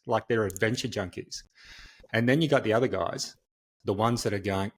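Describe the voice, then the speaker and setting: A man's voice: fairly low pitch, brisk. A middle-aged man speaking as a podcast guest, answering in a conversational, storytelling way and acting out how other people react. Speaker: podcast guest, change specialist.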